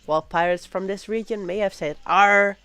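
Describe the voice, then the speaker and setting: A woman hosting a casual livestream, reading aloud slowly and breaking into loud, playful pirate exclamations. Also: medium pitch, clear, resonant tone, no room sound. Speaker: livestream host.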